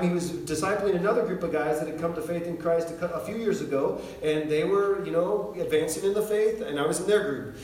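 Brief: American male preacher, animated storyteller, high voice, recorded from a distance in a roomy hall. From United States. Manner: animated storyteller, shouts when acting out quotes. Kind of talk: sermon with personal story.

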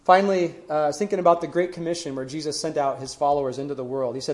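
A man preaching a sermon, retelling scripture stories earnestly and letting his voice fall to a hush at the ends of phrases. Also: mid-range voice, steady tone, rapid-fire.

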